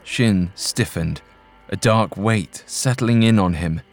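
A man narrating a scripted ghost story in a calm, measured manner. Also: lowish voice. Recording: narration over soft music.

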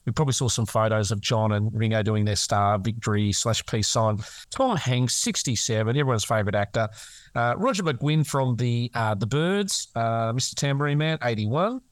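A man's voice: mid-range voice, lively intonation, normal speed, no echo. A man with an Australian accent co-hosting a podcast, chatty and jokey, laughing often. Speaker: podcast co-host. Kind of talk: casual chat.

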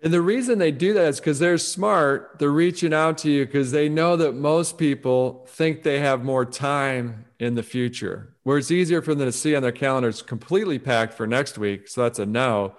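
A man giving conversational advice on focus as a guest, animated and acting out quoted voices as he talks. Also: medium pitch, normal speed, hardly any pauses. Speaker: guest speaker on focus and success.

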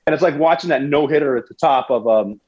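A man telling a story in a conversational way, animated, with restarts and sports analogies. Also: on the high side, fast, breathy edge, lo-fi sound. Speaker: guest recounting a military raid.

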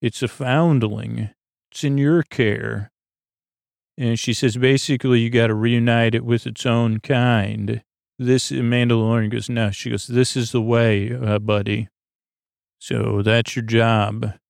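A gravelly-voiced man hosts a bedtime podcast, recapping an episode in a wandering, halting manner. His pitch stays flat and even as he stumbles through fillers. The sound is close and dry, with no room around it. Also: no room sound. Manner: meandering, halting delivery with many fillers; quotes characters in his own low-key voice. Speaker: podcast host.

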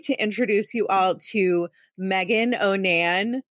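A woman's voice: on the low side, a little slow, no echo, clean studio sound. A woman in her thirties hosting a podcast, talking in a chatty, self-deprecating and teasing way. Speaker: podcast host. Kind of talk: casual chat.

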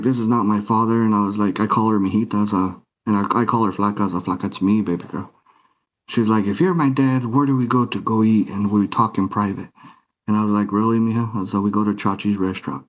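A man, a guest on a talk show, telling his personal story in an emotional way, acting out the dialogue as he goes. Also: lowish voice. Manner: retells scenes by acting out quoted dialogue. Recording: muffled lo-fi recording.

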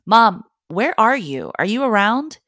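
A woman voicing her cheerful, affectionate young son, calling out in a bright, excited way. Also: lowish voice, slow pace, no echo, clean studio sound, pitched above the performer's own voice, heavily acted.

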